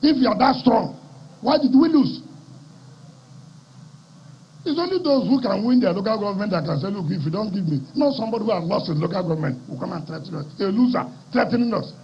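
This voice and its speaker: A man's voice: high-pitched, animated, fairly quick, vocal fry, pauses often, a little hiss or hum. A man with a Nigerian accent, a governor giving a fiery, combative rally speech and repeating phrases for emphasis. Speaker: state governor. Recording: muffled live broadcast audio.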